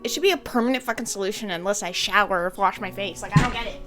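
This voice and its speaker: A woman streaming a game, chatting casually, rambling and swearing, with sudden loud high-pitched complaints. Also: fast, music in the background. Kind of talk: casual gaming stream chat.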